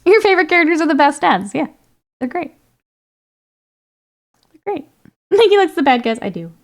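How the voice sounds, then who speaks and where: A woman's voice: sits high, big pitch swings, normal speed. A woman streaming while painting miniatures, chatting casually with viewers, reading their comments and laughing often. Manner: chatty, laughs often, reads and answers chat.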